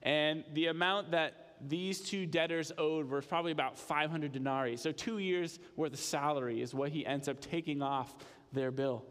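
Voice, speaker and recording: A young man preaching a sermon in a plain, conversational teaching voice, with small restarts. His voice is pitched a bit high and carries a long reverb from a large room. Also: fairly even intonation, normal speed, a bit bright, clean tone. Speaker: pastor.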